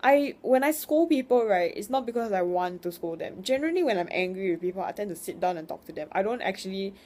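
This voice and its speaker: A woman's voice: mid-range voice, animated, quick pace, darkish tone, a little hiss or hum. Rambling young woman venting frankly. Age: young adult. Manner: rambling, frank, swears, emotional. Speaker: vlogger. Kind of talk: casual venting monologue.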